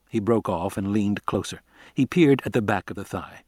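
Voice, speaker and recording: A man narrating an audiobook in a steady, measured reading voice, recorded close to the mic. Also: on the low side, breathy edge, no room sound. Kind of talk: scripted narration.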